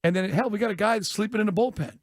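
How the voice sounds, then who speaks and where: A man co-hosting a sports talk radio show, telling quick jokey stories and laughing at his own punchlines, on a studio microphone. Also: high-pitched, dry recording. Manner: rapid, joking storyteller who laughs at his own punchlines.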